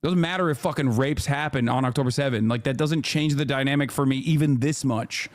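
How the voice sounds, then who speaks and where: A man streaming live, reacting to a clip and arguing his point in a heated, sarcastic way with quick restarts and fillers. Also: medium pitch. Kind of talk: casual stream commentary.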